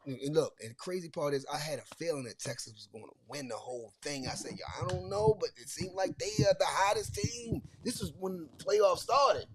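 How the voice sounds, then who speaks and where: A man with a Baltimore accent runs a loose sports podcast chat. His voice sits a little high and gets animated, and he often repeats a phrase or breaks off to restart it. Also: a little fast, few pauses, a crowd in the background. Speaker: podcast host. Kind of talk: casual sports talk.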